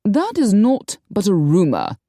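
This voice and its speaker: A woman's voice: mid-range voice, huge pitch swings, a little slow, mellow, no echo, clean studio sound, heavily acted. Brief: imperious old-world princess, cool and lofty, voiced by a woman. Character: haughty princess, regal and commanding.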